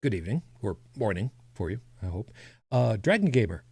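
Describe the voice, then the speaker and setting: A man's voice: on the low side, very animated, fairly quick, gravelly, darkish tone, breathy edge, no echo. A man co-hosting a podcast, chatting casually with a rambling, self-correcting manner and dry humor. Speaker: podcast co-host. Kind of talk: casual chat.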